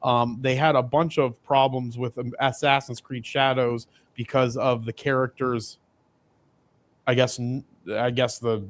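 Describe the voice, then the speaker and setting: A man co-hosting a casual livestreamed podcast, rambling with frequent restarts and asides. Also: on the high side. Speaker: podcast co-host.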